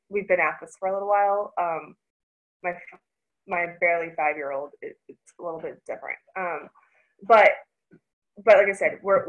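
Woman, 30s, lowish pitch, parenting workshop presenter, unscripted and halting, restarts a lot. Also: a bit bright, highs cut off. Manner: halting, searches for words, frequent restarts. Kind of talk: informal online presentation.

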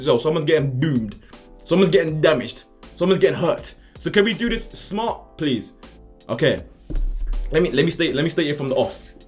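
A young man streaming a game live, trash-talking loudly and often jumping up into high shouts. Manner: loud, excitable trash talk, swinging into high shouts. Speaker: gaming streamer. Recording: faint music behind.

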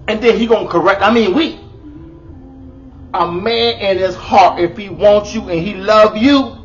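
A man's voice: high-pitched, muffled recording. A middle-aged man, doing a comedic monologue of relationship advice, exclaiming and hamming it up in a bold persona.

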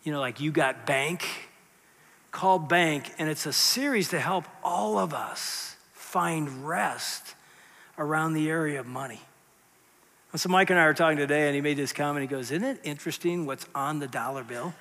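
A man preaching in a church with a high, bright, forceful voice. He talks conversationally and shifts between quiet, hushed asides and loud, emphatic lines. His voice carries a long reverb off the sanctuary. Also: moderate pace. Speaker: pastor. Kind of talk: sermon.

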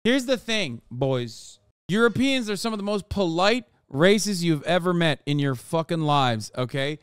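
Profane young man ranting, crisp and dry. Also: a little high, expressive, measured pace, no echo. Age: young adult. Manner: emphatic, profane, repeats himself. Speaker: streamer and commentator. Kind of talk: profane reaction rant.

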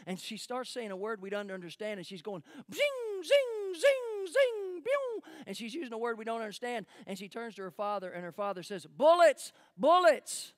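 A man preaching a sermon as pastor, telling a story emphatically and then dropping to hushed tones. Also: high-pitched, fast talker, hardly any pauses, no room sound. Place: church sanctuary.

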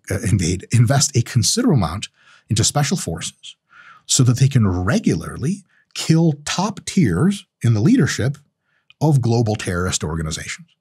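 Animated husky man ranting. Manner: animated, swearing, swinging pitch on quoted reactions. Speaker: host. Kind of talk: casual monologue.

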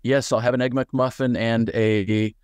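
A man's voice: mid-range voice, fairly even intonation, unhurried, clean tone, no echo, lightly acted. A man reading a story aloud and voicing a nervous, flustered man fumbling a coffee order at a drive-thru. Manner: nervous, hesitant.

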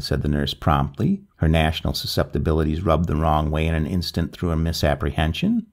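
A man narrating a ghost story in a measured, expressive reading. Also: very deep voice, gravelly.

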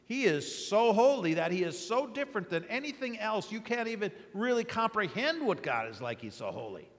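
A man preaching a sermon as pastor, with an animated delivery that rises sharply on repeated words. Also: high voice, normal speed. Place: church sanctuary. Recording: long hall reverb.

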